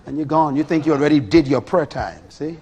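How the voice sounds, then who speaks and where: A middle-aged man preaching a sermon, animated and full of rhetorical questions to his listeners. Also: fairly high pitch, a little fast, husky.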